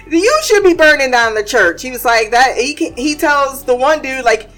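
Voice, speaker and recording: A woman talking casually about a TV series, animated and blunt, laughing and swearing as she goes. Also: sits high, moderate pace, soft background music, low-quality recording. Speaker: TV series commentator. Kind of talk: casual reaction commentary.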